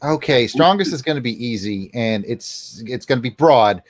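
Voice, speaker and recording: A man with a mid-pitched voice talks as a podcast guest. He gives his opinions eagerly and with enthusiasm. The recording is dry, with little room sound. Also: expressive, moderate pace, no echo. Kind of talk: casual movie discussion.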